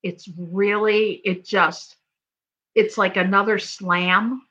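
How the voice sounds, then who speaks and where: Woman co-host, bright voice, halting delivery, dull lo-fi audio. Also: mid-range voice, fairly even intonation. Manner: halting, searching for words. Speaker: podcast co-host. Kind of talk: casual chat.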